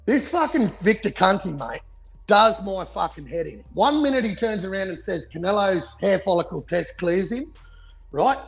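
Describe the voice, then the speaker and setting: A man rants about boxing in a gravelly, husky voice, his pitch swinging up and down. He swears constantly and keeps up a heated, casual chat. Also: lively intonation, moderate pace, soft background music. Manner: profane, heated ranting. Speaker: podcast co-host.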